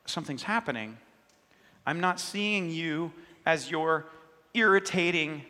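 A man's voice: on the high side, sharp tone, in a large hall. A man preaching a sermon, earnest and conversational, voicing inner thoughts and prayers as he speaks. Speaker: pastor.

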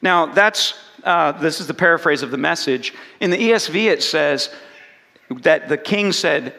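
A man with a high, bright voice preaching a sermon, acting out quoted lines as he tells the story. He keeps asking the congregation questions. His voice rings with the long reverb of a hall. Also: measured pace, vocal fry. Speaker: pastor.

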